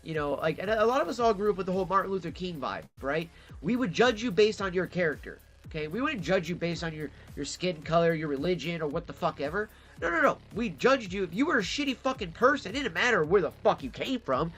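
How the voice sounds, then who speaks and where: A man's voice: high voice, big pitch swings, quick pace, fairly bright tone, soft background music. A man from Detroit in a casual storytelling monologue, swearing freely and acting out the voices of the people he quotes. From Detroit, Michigan. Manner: profane, acts out quoted voices. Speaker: vlogger.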